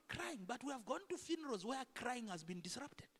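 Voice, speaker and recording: A man preaching a sermon in a church, animated and full of rhetorical questions to the congregation. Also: very high-pitched, normal speed, breathy edge. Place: church sanctuary. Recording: echoey church hall.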